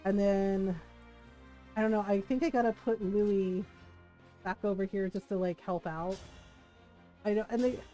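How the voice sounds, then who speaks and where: A woman's voice: medium pitch, steady tone, unhurried, long pauses, warm tone, soft background music. A woman streamer casually telling a family story while gaming, laughing often and acting out her relatives. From Filipino family. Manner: chatty, laughs often, quotes family in voices.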